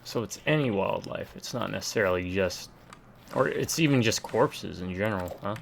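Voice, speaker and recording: A man's voice: lowish voice, animated, normal speed, gravelly, a little hiss or hum. A young man from Georgia in the United States giving casual let's-play commentary, muttering running remarks and dry quips as he plays. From Georgia, USA. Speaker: gameplay commentator.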